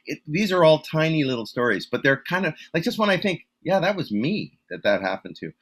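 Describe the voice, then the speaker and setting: A man's voice: a little high, big pitch swings, brisk, a bit bright. Rambling, self-deprecating male musician. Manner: rambling, self-deprecating, many fillers and restarts. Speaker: musician interview guest. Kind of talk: casual storytelling interview.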